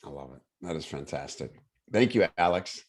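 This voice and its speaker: A man hosting a relaxed online chat, his voice sitting very low. He talks with eager enthusiasm, looping through fillers and quick restarts as he explains things. It sounds like a video call. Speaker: host.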